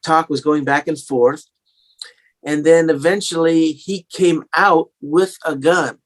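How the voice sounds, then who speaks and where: A man's voice: a little high, steady tone, takes it slowly. Guy with a bit of an english-sounding accent, rambling through old stories, lots of um and you know. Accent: slight English-tinged American. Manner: rambling, many fillers and restarts. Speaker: guest singer-songwriter. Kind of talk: casual storytelling interview.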